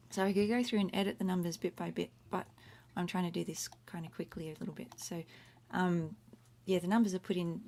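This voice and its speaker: Woman, middle-aged, gravelly edge, casual home livestream, faint room noise. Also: on the low side, darkish tone. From Australia. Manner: chatty, self-interrupting, explains words one by one. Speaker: Latin teacher.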